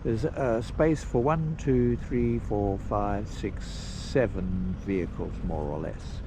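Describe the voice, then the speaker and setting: A man narrating a casual travel vlog outdoors at a campsite, unhurried and rambling with pauses and fillers. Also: on the low side, noisy background. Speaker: travel vlogger.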